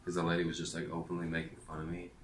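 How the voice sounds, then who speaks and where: A man's voice: sits low, monotone, very fast, roomy sound, a little hiss or hum. A man telling a rambling personal story in a vlog rant, meandering with lots of fillers and restarts. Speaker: vlogger.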